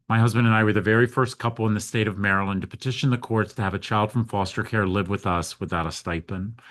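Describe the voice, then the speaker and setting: A man's voice: fairly low pitch, quick pace, few pauses, a bit bright. A middle-aged American man, a foster care advocate, telling his story in an interview with earnest, heartfelt feeling.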